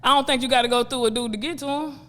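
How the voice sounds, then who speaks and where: A woman's voice: high-pitched, rapid-fire, a bit bright, in a large hall. A woman guest comedian in casual podcast chat, brash, blunt and joking.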